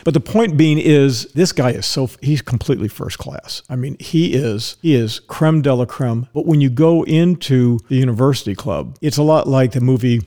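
A man's voice: medium pitch, moderate pace, hardly any pauses, warm tone. A man hosting a podcast, chatting casually and telling rambling, anecdotal stories. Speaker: podcast host. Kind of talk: casual chat.

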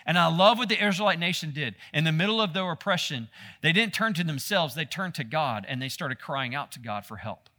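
A man preaching a sermon, animated and talking straight to his listeners. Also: fairly high pitch, brisk. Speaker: pastor.

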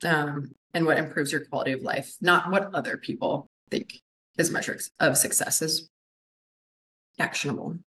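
A woman speaks as a guest on a casual podcast, sharing practical advice in a conversational way. She pauses on fillers as she thinks, and her tone stays thoughtful and relaxed. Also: low voice, breathy edge, low-quality recording. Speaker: marketing educator.

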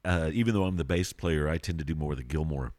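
A man guest on a podcast, a tribute band bassist, talking in a relaxed, modest way. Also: fast, a little hiss or hum. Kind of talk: casual interview chat.

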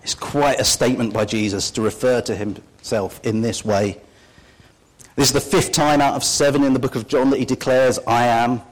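A man's voice: mid-range voice, fairly even intonation, moderate pace, low-quality recording. A man preaching a sermon in an earnest, heartfelt way.

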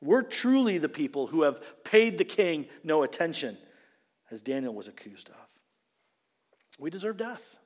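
A male pastor preaching a sermon, retelling the story with animated, dramatic delivery and acted-out quotes. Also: on the high side, normal speed. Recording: long reverb of a large hall.

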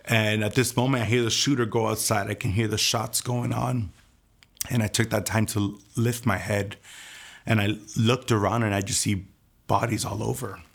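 Low gravelly man recounting a testimony. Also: fairly even intonation, moderate pace. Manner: hushed, intense recounting, often drops to near whisper. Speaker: testimony speaker. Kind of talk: personal testimony storytelling.

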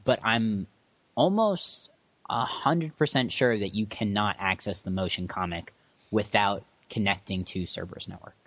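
A man on a casual gaming podcast who halts often and searches for the right words as he talks. His voice is low-pitched. The sound is dry, dull and lo-fi. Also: a little slow, fairly bright tone, no room sound.

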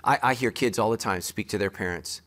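Male pastor, sermon, emphatic and joking, sharp bright tone. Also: fairly low pitch, fairly quick. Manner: emphatic, joking preacher who talks straight to the congregation.

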